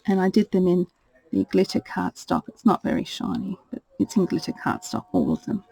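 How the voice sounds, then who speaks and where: A woman presenting her craft purchases in a casual show-and-tell, talking in a gentle, gushing way. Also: lowish voice, big pitch swings, normal speed, creaky, husky, rough recording. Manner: gentle and gushing, fond of "little".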